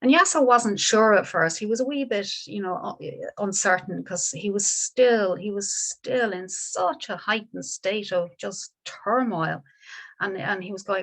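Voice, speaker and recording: A Buddhist teacher tells a story during a dharma talk, gentle and unhurried, with small restarts along the way. Her voice is mid-range with some vocal fry.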